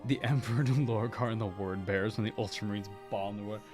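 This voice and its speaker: A man's voice: lowish voice, steady tone, fast talker, few pauses, darkish tone, husky, soft background music. A man streaming his miniature painting, chatting casually and rambling about paints with a loose, sweary way of talking. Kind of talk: casual hobby chat while painting.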